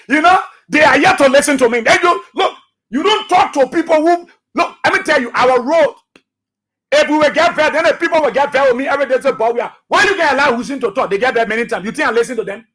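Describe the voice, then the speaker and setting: A man's voice: very high-pitched, quick pace, fairly bright tone. A man with a Liberian accent, hosting a radio talk show and delivering a preachy, combative political monologue full of repetition and scripture. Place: radio studio.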